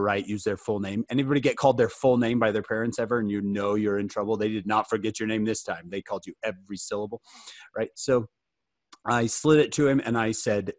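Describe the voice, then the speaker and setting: Lively joking man telling family stories. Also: lowish voice, fairly quick, no echo, clean studio sound. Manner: animated, jokey, calls on listeners by name. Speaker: youth fireside speaker. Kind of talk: humorous storytelling talk to teens. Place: at home.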